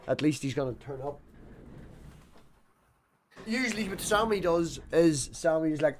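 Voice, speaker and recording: A man's voice: medium pitch, moderate pace, slight background noise. A young man hosting a casual live stream on an online call, joking, rambling and swearing as he talks. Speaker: livestream host.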